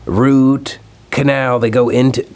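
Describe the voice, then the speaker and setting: A young man with a medium-pitched voice speaks slowly while hosting his own video. Exasperated and animated, he swears his way through a casual rant about something that annoyed him online, recorded on his own at home.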